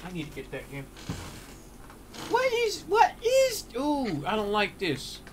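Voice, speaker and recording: A woman streaming a horror game, chatting casually with friends, loud and swearing. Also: fairly high pitch, huge pitch swings, background noise. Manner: loud, swearing, quick to shout. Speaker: livestreamer playing a game.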